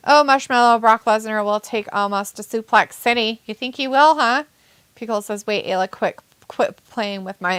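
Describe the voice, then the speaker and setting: A woman hosting a casual live watch-along, reading viewers' messages aloud and laughing often. Her voice sits fairly high. The sound is dry and close. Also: fairly bright tone, clear, resonant tone, dry recording. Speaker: stream host.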